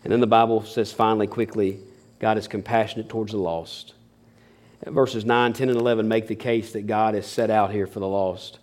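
A man's voice: on the low side, level tone, moderate pace, darkish tone. A middle-aged man preaching a sermon, folksy and emphatic with homespun asides. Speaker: pastor.

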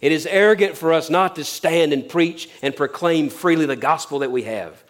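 Pastor, man, higher-pitched, easy conversational sermon delivery with sudden hushed drops. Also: normal speed. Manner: conversational preaching, sudden drops to near-whispers.

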